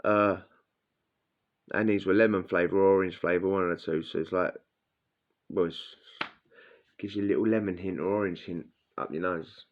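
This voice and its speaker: A man's voice: low voice, fairly even intonation, normal speed, long pauses. A man telling a blunt, crude prison story in casual slang, acting out what people said. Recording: dull lo-fi sound.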